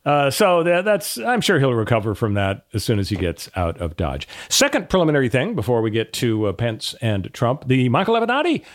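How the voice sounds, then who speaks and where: A man's voice: mid-range voice, huge pitch swings, brisk, few pauses. A middle-aged man hosting a casual political talk show, full of sarcastic mock-surprised asides. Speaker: podcast host.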